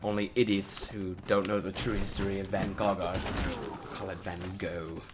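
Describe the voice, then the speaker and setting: A man streaming a game, chatting in a put-on mock-posh voice with deadpan silliness. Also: low voice, moderate pace, background noise. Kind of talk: casual gameplay commentary.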